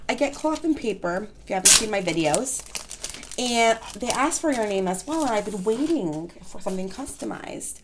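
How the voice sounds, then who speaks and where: At her desk, a woman shows off planner supplies in a casual unboxing vlog, gushing excitedly with frequent gasps and soft exclamations. She speaks at medium pitch and a normal pace, with slight background noise.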